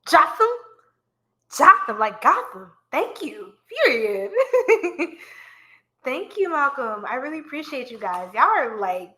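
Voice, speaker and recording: Bright, high-voiced woman chatting on a live stream. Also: big pitch swings, measured pace. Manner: playful, chatty, singing bits of songs. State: short of breath. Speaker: tarot reader and live streamer. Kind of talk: casual live-stream chat.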